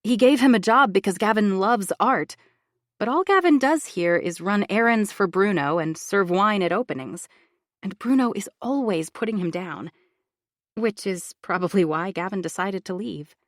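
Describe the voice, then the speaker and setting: A woman reading a first-person audiobook thriller in an expressive, confiding inner-monologue style. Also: medium pitch, moderate pace, no echo, studio quality. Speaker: audiobook narrator.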